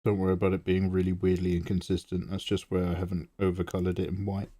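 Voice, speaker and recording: A man's voice: deep voice, monotone, quick pace, warm tone. A man chatting casually with viewers on a live art stream while drawing, playfully snarky and greeting people by name. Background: faint synth music.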